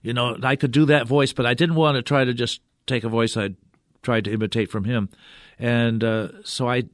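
An older man, a puppeteer, telling stories in a halting, rambling way as a guest in a radio studio. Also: medium pitch, steady tone, dry recording. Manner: rambling, halting, full of restarts. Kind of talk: radio interview storytelling.

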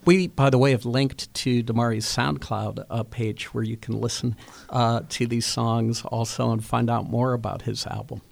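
Male radio host, gravelly voice, dry studio sound, halting and rambling with lots of fillers. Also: mid-range voice, level tone, no echo. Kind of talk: radio interview.

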